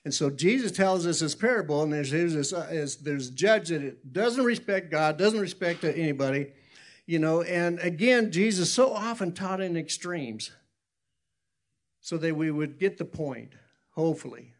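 A man's voice: fairly high pitch, animated, normal speed. A man preaching a sermon in a folksy, rambling storytelling way, often correcting himself and chuckling. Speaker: pastor.

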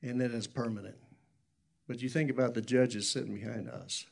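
A man's voice: medium pitch, fairly even intonation, moderate pace, gravelly, darkish tone. A man preaching a sermon in a folksy, rambling storytelling way, often correcting himself and chuckling. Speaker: pastor.

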